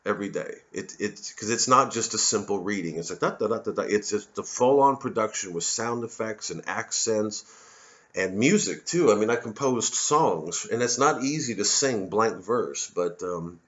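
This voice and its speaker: A low-pitched American man from Missouri rants in a loose, profane monologue, circling back and restarting his sentences. The sound is dull and lo-fi, like a home recording. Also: lively intonation, normal speed, fairly bright tone. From Missouri, USA. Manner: ranting, profane, digressive with many restarts. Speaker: comedian hosting his own show. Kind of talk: rambling monologue to camera.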